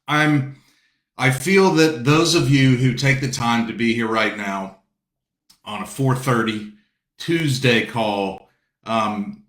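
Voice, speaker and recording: A man's voice: mid-range voice, takes it slowly, a bit bright, roomy sound. A man from South Carolina hosting a casual book launch video call, greeting viewers by name and chatting in a rambling, friendly way. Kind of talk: casual chat.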